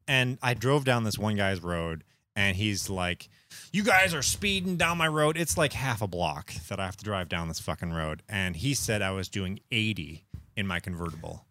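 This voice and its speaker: A man's voice: deep voice, moderate pace, a bit bright. A man co-hosting a podcast, telling profane, ranting stories in casual chat. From Michigan. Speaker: podcast co-host.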